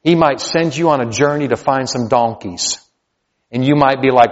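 A male pastor preaching a sermon, swinging from loud, high exclamations to low, quiet emphasis. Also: moderate pace. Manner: preaching with big swings in pitch and loudness, rising to near shouts then dropping low. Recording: dull sound with long hall reverb.

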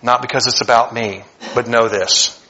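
A pastor preaching a sermon, animated and conversational, swinging between loud emphatic passages and hushed earnest asides. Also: male voice, medium pitch, normal speed, highs cut off. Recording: long hall reverb.

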